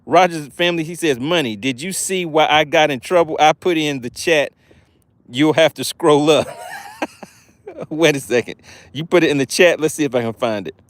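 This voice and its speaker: A man with a fairly high voice hosts a fishing live stream while out fishing. He reads the chat aloud and bursts into frequent excited exclamations in a chatty, promotional manner. The recording is dry and close, with no room sound. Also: moderate pace, no echo. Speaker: fishing livestream host.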